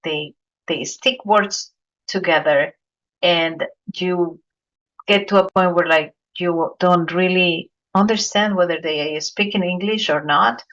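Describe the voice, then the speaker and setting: A woman's voice: fairly low pitch, takes it slowly, a bit bright. A Colombian woman with a Spanish accent, hosting a podcast interview and telling anecdotes in an earnest way, often repeating words while she searches for them. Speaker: podcast host. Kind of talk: casual interview chat. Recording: dull lo-fi recording.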